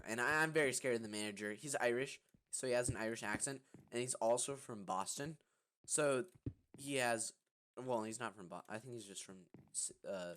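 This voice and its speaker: A man's voice: medium pitch, a bit bright. A young man telling a story casually while gaming, rambling with lots of fillers and restarts. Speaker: vlogger. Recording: noisy recording with clicking.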